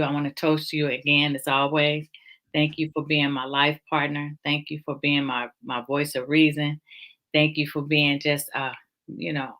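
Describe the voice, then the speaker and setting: Over a video call, a woman with a deep, slightly bright voice hosts a casual online chat about faith. She sounds emotional and encouraging.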